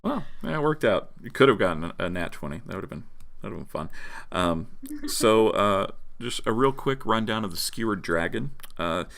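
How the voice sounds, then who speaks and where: A man narrating as dungeon master in a tabletop game, relaxed, with lots of "uh" and "um". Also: fairly low pitch, normal speed, gravelly, few pauses. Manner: relaxed, filler-heavy narration.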